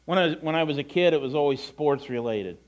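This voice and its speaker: High-voiced chatty male pastor. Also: lively intonation, fast talker, highs cut off. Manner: conversational, self-deprecating asides and repetitions. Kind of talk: sermon.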